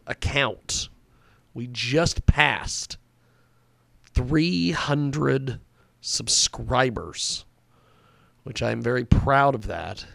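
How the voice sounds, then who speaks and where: A man's voice: medium pitch, vocal fry, a bit bright, dry recording. A man hosting a talk radio show, rambling casually and repeating himself as he goes.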